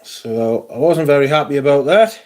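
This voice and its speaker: A man's voice: a little high, animated, moderate pace. A man hosting a casual livestream, sweary and grumbling about technical trouble before greeting his viewers. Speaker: livestream host.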